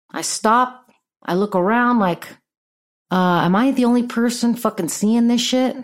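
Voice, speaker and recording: A woman hosting a podcast, telling a story in a blunt, profane, animated way. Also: fairly high pitch. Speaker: podcast host. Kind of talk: casual storytelling monologue.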